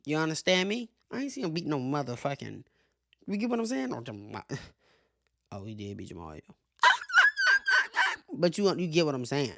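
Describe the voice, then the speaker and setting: A man hosting a casual sports commentary show, animated and profane, laughing often as he makes his case. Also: medium pitch, no echo, studio quality. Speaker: show host.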